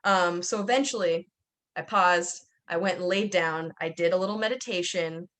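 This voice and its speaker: A woman's voice: fairly low pitch, moderate pace, a bit bright. A young woman hosting a podcast from home, talking candidly in a rambling, casual way with many fillers. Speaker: podcast host. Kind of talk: casual chat.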